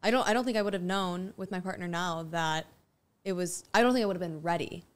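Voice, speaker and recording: Woman co-host with a slightly low voice. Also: quick pace. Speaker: podcast co-host. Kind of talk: casual podcast conversation.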